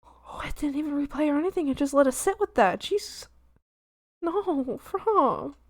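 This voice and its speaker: A young woman streamer chatting casually with her viewers. Her voice sits fairly high and swings widely in pitch as she talks, and she laughs easily and stays animated. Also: moderate pace. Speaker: art streamer. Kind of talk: casual live-stream chat.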